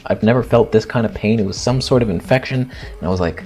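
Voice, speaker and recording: A man's voice: fairly low pitch, fast, a little mellow. A man in his thirties telling a personal story in a blunt, dramatic and self-mocking way, acting out his own reactions. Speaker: fitness influencer telling a story.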